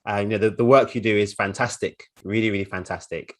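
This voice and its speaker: A man's voice: fairly low pitch, steady tone, quick pace. A man speaking earnestly at a conference session, with frequent hesitant repeats. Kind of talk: presentation talk.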